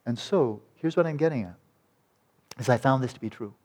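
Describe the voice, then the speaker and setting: At a retreat, a man teaching meditation offers a dharma talk in a mid-range voice at a fairly quick pace. His tone stays gentle and calming, and he tends to drift off into softly repeated words.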